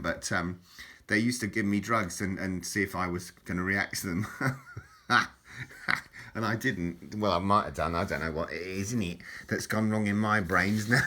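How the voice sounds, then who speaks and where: Low-pitched but bright and forceful, this older man's voice carries a vlogger's rambling reminiscence as he sorts through keepsakes. He laughs a lot and keeps tacking "innit" and "mate" onto what he says.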